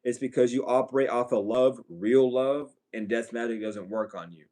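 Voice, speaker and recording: A man's voice: medium pitch, normal speed, dark tone. A man giving a blunt, profane, ranting spiritual reading to his viewers as an online psychic reader.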